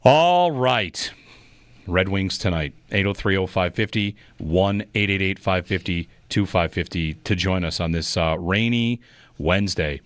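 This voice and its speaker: A man's voice: sits low, unhurried, no room sound. A man co-hosting a sports radio show in a studio, teasing his partner and reading call-in numbers and promos. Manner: animated, teasing, reads phone numbers and promos. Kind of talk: casual sports radio banter. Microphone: studio microphone.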